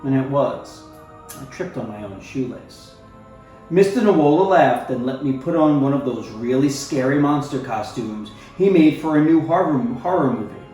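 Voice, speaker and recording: A man's voice: medium pitch, normal speed. Man reading a story aloud, very echoey. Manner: expressive, playful, talks to the listener. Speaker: storybook reader. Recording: very echoey room, faint music.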